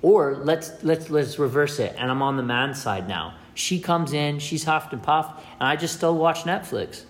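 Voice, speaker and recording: A man's voice: fairly high pitch, lively intonation, normal speed, few pauses. A man in a casual, rambling monologue who repeats his words as he goes and acts out small scenes.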